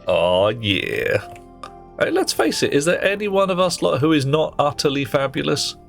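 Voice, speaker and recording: This man, streaming a game, is very animated, playfully teasing viewers and talking to himself as he plays. His voice is on the high side with vocal fry, at a moderate pace. Faint music runs in the background.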